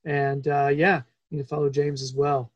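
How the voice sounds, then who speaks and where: A man's voice: fairly high pitch, flat delivery, moderate pace, no room sound, muffled recording. A man hosting a podcast, enthusiastic and stammering through restarts as he chats. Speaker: podcast host. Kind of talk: casual interview chat.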